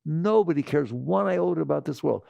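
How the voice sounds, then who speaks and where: An older man giving an animated spiritual talk to an audience, asking rhetorical questions and acting out quoted voices. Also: fairly high pitch, normal speed, gravelly, no echo, dull audio. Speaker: spiritual teacher.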